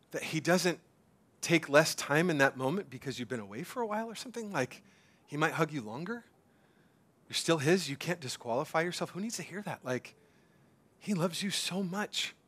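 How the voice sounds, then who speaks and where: A middle-aged man preaching a conversational sermon, animated, with many fillers and restarts, sometimes dropping to a soft hush. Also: on the high side, moderate pace, pauses often. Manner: drops to a soft hush for emphasis. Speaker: pastor.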